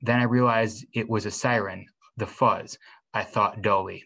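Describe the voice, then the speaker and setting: A man's voice: fairly low pitch, flat delivery, normal speed, fairly bright tone, rough recording. A man reading a novel aloud in the first person, stumbling and restarting now and then. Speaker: reader.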